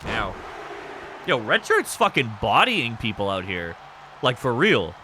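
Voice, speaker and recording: A man with a stuffy nose, commentating a wrestling game on a livestream in an excitable, laughing, swearing way and shouting when the action picks up. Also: medium pitch, measured pace, background noise.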